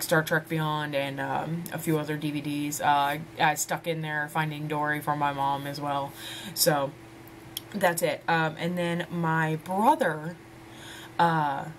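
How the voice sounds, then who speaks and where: A woman in her twenties talks to camera in a loose, rambling vlog chat. Her voice sits on the low side, and she laughs often as she calls her viewers ladies. A faint hiss of noise runs under the recording. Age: 20s. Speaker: vlogger.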